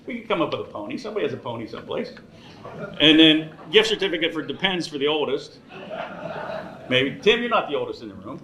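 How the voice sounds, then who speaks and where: A man's voice: on the high side, roomy sound, noisy background. A man in his sixties giving a joking dinner speech as emcee, teasing the audience between thank-yous. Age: 60s. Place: large banquet room.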